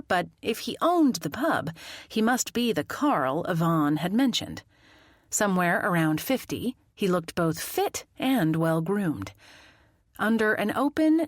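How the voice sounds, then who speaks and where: A woman narrating a mystery audiobook in the first person, with expressive, lively storytelling. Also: lowish voice, no room sound, studio quality.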